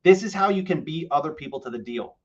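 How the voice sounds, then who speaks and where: A man hosting a live real estate show, talking a seller through a deal and then coaching viewers in an energetic, explanatory way. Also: on the high side, fast, dull audio. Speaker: real estate investor host. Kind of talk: live stream phone call and coaching.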